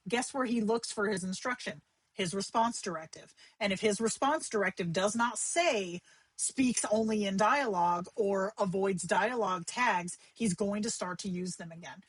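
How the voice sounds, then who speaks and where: A woman hosting a livestream tutorial, talking in a chatty, conversational way with quick asides. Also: medium pitch, husky, dry recording, low-quality recording. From Arizona. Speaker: livestream host teaching AI companion tips.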